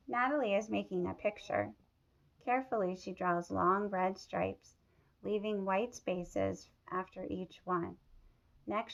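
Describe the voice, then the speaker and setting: A woman reading a picture book aloud to children, teacherly and pausing to ask them questions. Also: mid-range voice, creaky, highs cut off. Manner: teacherly, asks the listeners questions. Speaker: storybook reader.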